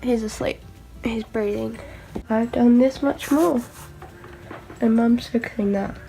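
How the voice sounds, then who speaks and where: Slow, gravelly woman chatting to dolls. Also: on the high side, steady tone, dark tone, soft background music. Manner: chatty, talks to her baby dolls with frequent laughs. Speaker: vlogger. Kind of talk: casual running commentary. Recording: noisy home video recording.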